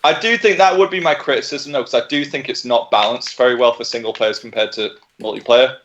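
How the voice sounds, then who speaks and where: A man's voice: medium pitch, a little fast, slight background noise. A man in his thirties chatting casually while co-hosting a game livestream, swearing freely and laughing as he tells stories. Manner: animated storyteller, laughs often, swears. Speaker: livestream co-host. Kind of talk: casual gaming chat. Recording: muffled lo-fi audio.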